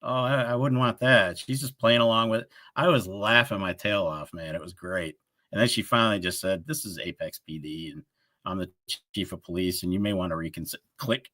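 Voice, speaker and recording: A man's voice: sits low, brisk, no room sound. A man co-hosting a casual live stream chat, telling stories and acting out the people in them. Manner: animated storyteller, acts out callers' lines. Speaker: co-host of a livestream show.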